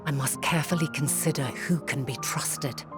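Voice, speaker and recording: Woman as wise motherly elder, low deep voice, measured archaic delivery, game cutscene, light music under. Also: lightly acted. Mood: grave. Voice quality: measured, archaic formal speech. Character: wise motherly female ancient leader, grave.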